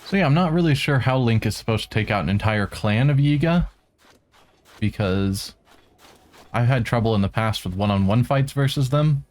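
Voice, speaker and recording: A man giving relaxed let's-play commentary, making wry asides and talking to the enemies on screen. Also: mid-range voice, moderate pace. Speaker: game streamer.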